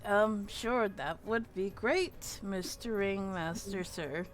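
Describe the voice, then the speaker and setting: A woman's voice: medium pitch, slow pace, close to an everyday voice. A woman playing a humble, weary man who speaks in a polite, hesitant way in a tabletop game. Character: humble, weary male father figure. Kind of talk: tabletop role-play.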